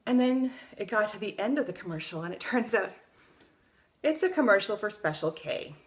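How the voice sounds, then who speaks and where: A woman's voice: medium pitch, lively intonation, normal speed. A young adult woman vlogging in a casual, blunt way, swearing freely and telling stories with energy. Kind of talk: casual opinion vlog.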